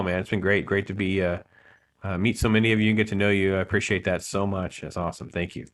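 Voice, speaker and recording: Male stream host, slightly low pitch, enthusiastic and conversational. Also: quick pace. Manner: enthusiastic, thanks viewers warmly by name. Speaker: host of a film talk stream. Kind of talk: casual livestream chat.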